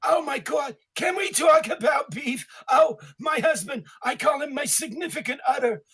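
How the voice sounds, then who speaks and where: A loud, over-the-top older woman comic, as a man puts her on, shrieks her punchlines. The voice sits far above the performer's own, nearly shouting throughout. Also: extremely high pitch, normal speed, pitched above the performer's own voice, full character voice. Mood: brash. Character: brash, shrieking older female comedian.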